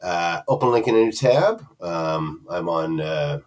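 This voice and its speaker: A man's voice: low-pitched, expressive, measured pace, recorded from a distance. A man from Canada giving a rambling, casual screen-share review of an online product, full of fillers and restarts.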